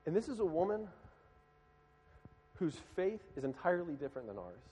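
A man's voice: on the high side, very animated, a little fast, pauses often, breathy edge. Man preaching in a reverberant hall. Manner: dramatic, swings from loud pleading to hushed. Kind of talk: sermon storytelling.

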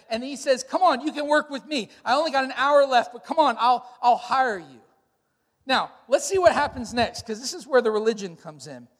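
Man, sermon, lively storytelling pastor, long hall reverb. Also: very high-pitched. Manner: storytelling, animated retellings with shouted quotes.

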